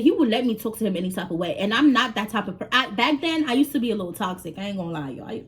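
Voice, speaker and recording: Animated New woman telling a story. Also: a little high. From New York. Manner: animated, swears freely, acts out quoted dialogue. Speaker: vlogger. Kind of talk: casual storytime vlog.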